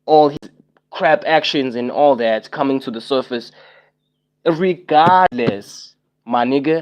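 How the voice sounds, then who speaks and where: A man's voice: medium pitch, takes it slowly, lo-fi sound, music in the background. Exasperated young man livestreaming. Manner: exasperated, repetitive, rhetorical questions. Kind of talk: casual livestream chat to viewers.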